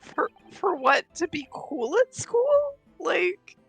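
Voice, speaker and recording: A woman's voice: very high-pitched, sing-song, slow pace, a bit bright, soft background music. A woman co-hosting a game stream, teasing with dry quips. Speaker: stream co-host.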